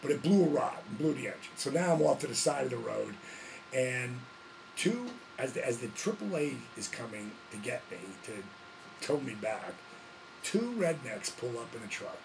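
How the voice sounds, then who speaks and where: Gravelly, animated male storyteller. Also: medium pitch, normal speed, background noise. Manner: animated, laughing often, lots of slang. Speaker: vlog host, former wrestler. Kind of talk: casual storytelling.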